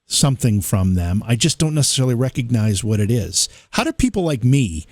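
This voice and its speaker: Podcast host asking questions. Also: male voice, mid-range voice, big pitch swings, a little fast, dry recording, clean studio sound. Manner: reactive, asks thoughtful questions. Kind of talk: casual interview.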